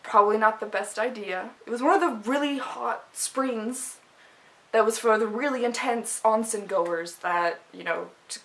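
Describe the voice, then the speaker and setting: A woman's voice: fairly high pitch, moderate pace, fairly bright tone, rough recording. A young woman vlogger telling a personal story in a casual, chatty way, full of fillers and restarts.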